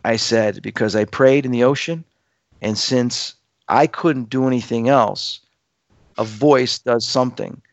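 A man's voice: mid-range voice, measured pace, dry recording, lo-fi sound. A man telling a dramatic personal story to listeners, acting out the quoted voices as he goes. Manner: acts out quoted voices, lively and emphatic.

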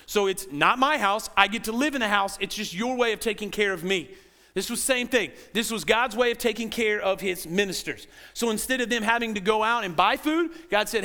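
High, bright-voiced pastor preaching animatedly. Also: male voice, moderate pace. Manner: animated, acts out quoted voices. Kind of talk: sermon. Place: church sanctuary.

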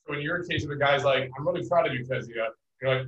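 A man's voice: medium pitch, fast talker. A man hosting a casual chat, rephrasing ideas and acting out little scenes. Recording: dull lo-fi sound.

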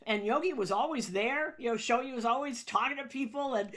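A woman, a sports broadcaster telling an anecdote in an interview, acting out quotes with sudden loud high bursts. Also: fairly quick.

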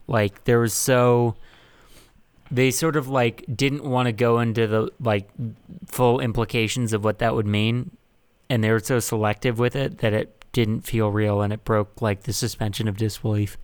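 A man's voice: on the low side, fairly even intonation, moderate pace, clean tone. A man hosting a casual movie podcast, rambling and joking with many fillers. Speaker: podcast host.

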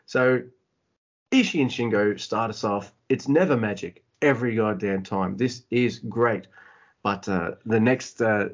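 A man co-hosting a podcast in casual chat, profane and excitable, laughing often, on slightly dull lo-fi audio. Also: on the low side, a little slow. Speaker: podcast co-host.

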